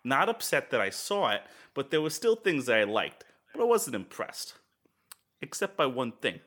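Bright-voiced joking man co-host. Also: mid-range voice, big pitch swings, normal speed. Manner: jokey, playful, laughs often. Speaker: podcast co-host. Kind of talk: casual banter, reading user reviews aloud.

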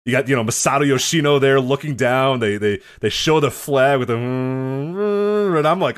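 A man's voice: medium pitch, normal speed. A man co-hosting a podcast, teasing his partner and laughing often. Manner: teasing, laughs a lot, animated. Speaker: podcast co-host. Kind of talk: casual chat.

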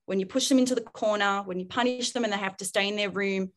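A woman's voice: medium pitch, fairly even intonation, quick pace. A woman, a parenting expert in casual podcast chat, speaking frankly and acting out quoted voices.

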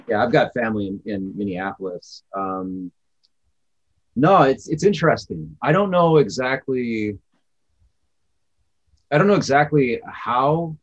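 Husky man with dull, muffled sound. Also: mid-range voice, expressive, unhurried, pauses often. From Wisconsin. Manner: reflective, rambling storytelling. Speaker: podcast co-host. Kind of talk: casual podcast chat.

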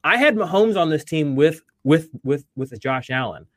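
A man's voice: fairly high pitch, animated, moderate pace, no echo, clean studio sound. A man hosting a fantasy football podcast, talking casually and animatedly, with lots of fillers and restarts. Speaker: podcast host.

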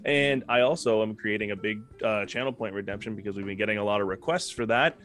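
A man's voice: fairly low pitch, fast, fairly bright tone. A man who runs the game, rambling through announcements with fillers and laughs. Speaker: game master and co-host. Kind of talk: casual stream announcements.

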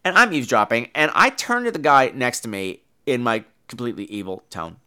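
Campy gay podcast guy, bright voice, swoops up and down a lot, playful voices. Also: mid-range voice, lively intonation, brisk, smooth. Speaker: podcast host. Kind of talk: casual solo podcast chat.

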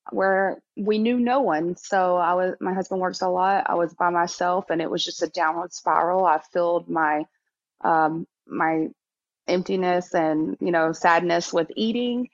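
A woman in her thirties, a podcast guest in a candid interview conversation, talking haltingly with many fillers and restarts and getting emotional. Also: on the low side, no room sound. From Texas. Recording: dull, slightly lo-fi dry sound.

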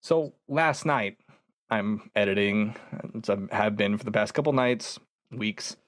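A man's voice: lowish voice, measured pace, fairly bright tone, dry recording, studio quality. A young man guesting on a podcast, telling a ghost-hunting story in casual chat, acting out quoted voices and laughing often.

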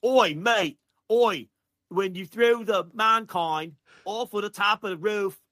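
A man's voice: high voice, slow pace, sharp tone, no echo, clean studio sound, voice pushed up, heavily acted. A man putting on an exaggerated Australian accent as a brash, crude bloke. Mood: rowdy. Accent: put-on Australian.

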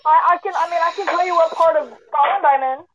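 A woman's voice: extremely high pitch, fast, a little hiss or hum. A woman from California on a casual podcast call, dodgy and full of fillers. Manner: evasive, filler-heavy. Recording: muffled call audio.

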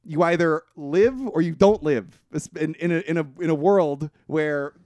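A man's voice: a little high, moderate pace, darkish tone, no room sound, studio quality. A man co-hosting a podcast, retelling a film's plot in casual chat, swearing freely and restarting his sentences. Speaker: podcast co-host. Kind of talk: casual movie recap chat.

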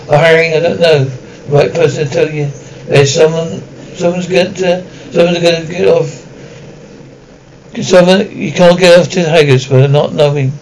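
Gruff kindly giant groundskeeper, a guy reading him, folksy and rambly, keeps restarting, slightly high voice. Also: a little mellow, slight background noise, natural voice, rough recording. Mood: earnest. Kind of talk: audiobook character reading.

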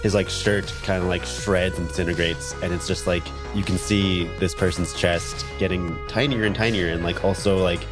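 A man with a very low voice, playing a tabletop game. He talks in a loose, slangy way packed with fillers as he describes his character. Clear music plays behind him. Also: steady tone, moderate pace, hardly any pauses. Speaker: player. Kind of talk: casual tabletop play.

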